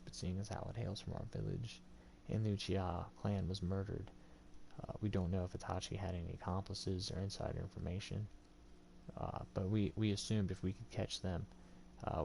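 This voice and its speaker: A man voicing a calm adult male ninja mentor in a tabletop game, explaining things steadily with frequent ums and uhs. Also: deep voice, creaky, slight background noise.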